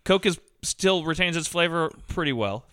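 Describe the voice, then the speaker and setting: A man from Montana, co-hosting a podcast in casual chat, animated and laughing often, swearing casually. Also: on the high side, moderate pace, clean tone, dry recording, clean studio sound. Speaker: podcast co-host.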